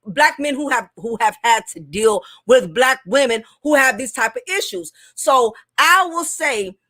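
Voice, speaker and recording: A woman's voice: fairly high pitch, expressive, measured pace, bright, forceful tone. A woman giving a casual, opinionated commentary monologue, emphatic and repetitive, her speech a little thick from recent dental work. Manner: emphatic, opinionated, repeats herself. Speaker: commentary host.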